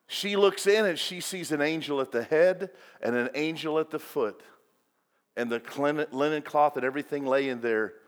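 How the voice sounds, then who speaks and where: A man preaching a sermon as pastor, swinging between loud and hushed delivery. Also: fairly high pitch, normal speed. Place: church sanctuary. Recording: long reverb of a large hall.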